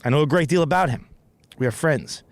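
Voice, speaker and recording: A man's voice: on the high side, a little fast, dry recording. Rambling, profane male comedy storyteller. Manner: rambling, profane, self-deprecating with frequent restarts. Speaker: comedy podcast host. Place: outdoors in a city park.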